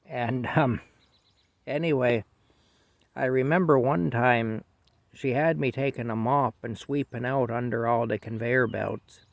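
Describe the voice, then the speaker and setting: A man's voice: mid-range voice, steady tone, measured pace, no echo. A man in his fifties casually telling a rambling, self-deprecating story from his past. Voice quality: gravelly.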